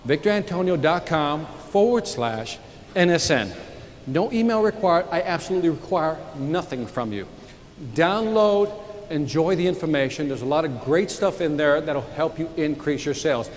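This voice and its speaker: A man's voice: on the high side, expressive, moderate pace. A man giving a motivational sales keynote, joking and questioning the crowd with lots of energy. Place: large conference hall. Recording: reverberant hall with audience. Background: audience laughter and murmur.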